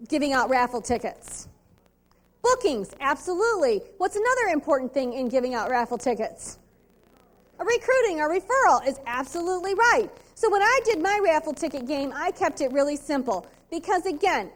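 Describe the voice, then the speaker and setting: High-pitched emphatic woman sales trainer. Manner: emphatic, asks the audience rhetorical questions. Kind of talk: motivational sales training talk. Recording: 2002 VHS convention tape.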